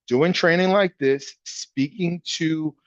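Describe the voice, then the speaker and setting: A man giving a casual, energetic real estate training talk in a punchy coaching manner. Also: on the high side, slow pace, no room sound. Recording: dull dry sound.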